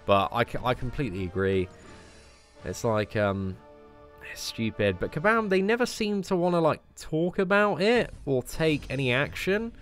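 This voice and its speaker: Young British male streamer, casual and rambling, medium pitch, faint background music. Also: moderate pace. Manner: relaxed, chatty, frequent "man" and restarts. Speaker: gaming streamer answering viewer questions. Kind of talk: casual live-stream chat.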